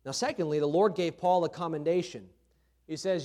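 Conversational preacher with a slightly raised voice. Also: male voice, fairly high pitch, a little fast, a little mellow. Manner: conversational preaching with repeated key phrases. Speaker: pastor. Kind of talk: sermon. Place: church.

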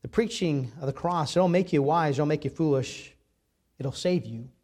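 A man preaching a sermon, reading scripture aloud with emphatic, dramatic swings between loud and soft. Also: fairly high pitch, moderate pace. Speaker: pastor.

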